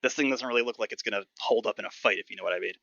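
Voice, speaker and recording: A man doing a low, grumbling ranger. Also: very fast, gravelly, pushed and bright, no room sound. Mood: doubtful. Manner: low, muttering and reluctant. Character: grumbling, weary male ranger. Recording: dull lo-fi dry mic.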